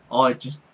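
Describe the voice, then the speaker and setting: A young man with a Birmingham accent giving excitable, casual commentary on his football game, shouting and laughing when goals go in. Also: medium pitch, dull audio, a little hiss or hum. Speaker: gaming YouTuber.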